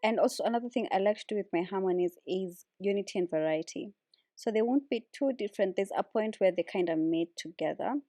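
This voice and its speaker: A woman casually explaining how she builds vocal harmonies, relaxed and chatty with lots of fillers. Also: mid-range voice, a little fast, no echo, studio quality. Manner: relaxed, with many fillers like "like" and "so, yeah". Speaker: a cappella vocalist teaching harmony. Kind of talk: casual music tutorial.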